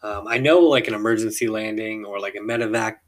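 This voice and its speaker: A man's voice: lowish voice, fairly quick. A male podcast host telling a story in a loose, casual monologue, rambling and chuckling mid-sentence.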